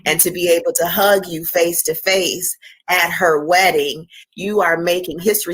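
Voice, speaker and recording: Impassioned woman host, low and dry. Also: fairly even intonation, moderate pace, a bit bright, slightly rough, no room sound, low-quality recording. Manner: impassioned, preachy, casual slang. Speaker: show host. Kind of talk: emotional interview chat.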